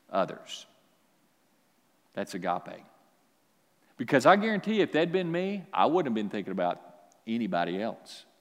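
Animated preaching man in a reverberant hall. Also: on the high side. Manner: animated preaching, swings from quiet to loud. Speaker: pastor. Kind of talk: sermon.

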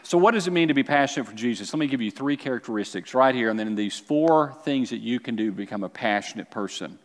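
A man preaching a sermon as a pastor, with animated delivery that climbs to near-shouts and then drops low. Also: fast. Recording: long hall reverb.

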